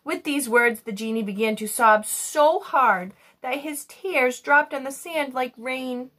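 A woman reading a children's book aloud in an expressive storytelling manner. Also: high-pitched, measured pace. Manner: expressive, animated.

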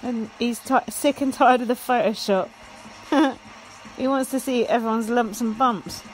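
A woman's voice: on the high side, fairly even intonation, measured pace, faint music behind, rough recording. A young woman hosting a solo podcast, giving blunt, sweary running commentary and laughing at her own jokes. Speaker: podcast host.

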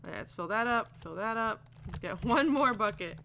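A woman's voice: medium pitch, expressive, normal speed, vocal fry, fairly bright tone, slight background noise. A woman playing a video game and chatting casually through it, giggly, talking to the animals and slipping into silly voices. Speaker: video game let's player. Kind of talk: casual gameplay commentary.

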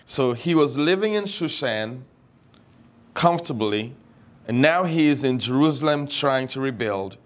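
A middle-aged man preaching a sermon, slow and emphatic, repeating key phrases for weight. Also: medium pitch.

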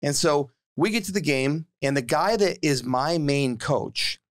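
A man in his forties co-hosting a podcast, telling a story in casual chat, repeating words and getting more excited as he goes. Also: unhurried. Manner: animated, repeats words and restarts, rises in pitch when worked up. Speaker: podcast co-host and youth basketball assistant coach.

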